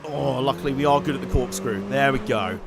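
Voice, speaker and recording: A man giving joking, excitable live commentary while playing a racing game and chatting to his viewers. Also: medium pitch, brisk, vocal fry. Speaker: streamer. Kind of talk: live let's-play commentary. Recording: game car noise underneath.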